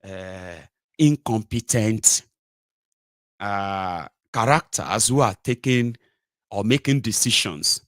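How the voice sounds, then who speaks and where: A man's voice: on the low side, slow pace, fairly bright tone, dry recording, clean studio sound. A man with a Nigerian accent hosting a sarcastic, opinionated political monologue. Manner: sarcastic, mocking, rhetorical. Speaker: political commentary host.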